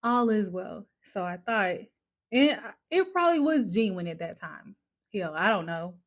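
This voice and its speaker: A woman vlogger tells a personal story in a casual, candid, chatty way, full of expression, filler words and some swearing. Her voice is mid-range and her pace normal.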